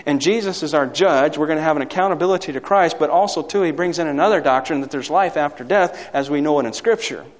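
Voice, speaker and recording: A man preaching a sermon to a congregation, swinging from loud emphatic peaks to quiet asides and asking the listeners for amens. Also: fairly high pitch, fast talker, few pauses. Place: hall or church. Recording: long hall reverb.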